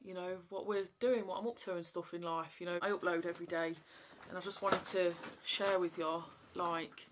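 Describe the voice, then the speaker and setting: A woman chats to camera in a loose, rambling way, her voice sitting a little low. She circles back on herself with plenty of fillers, like a friend catching you up. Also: steady tone, moderate pace, hardly any pauses, a little hiss or hum. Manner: rambling, chatty, lots of fillers. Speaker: vlogger. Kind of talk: casual chat to camera.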